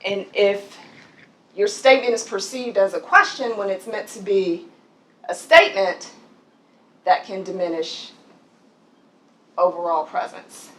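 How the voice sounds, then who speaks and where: Speaking a little slowly with long pauses, a woman with a medium-pitched, fairly evenly intoned voice coaches a corporate group on voice and presence. In the office training room she asks questions and laughs often, all on a low-quality recording.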